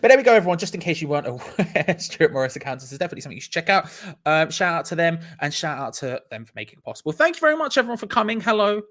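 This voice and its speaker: A man's voice: a little high, big pitch swings, racing, few pauses, sharp tone. A man, hosting a live stream in an upbeat, chatty way and reading out viewers' comments. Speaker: host.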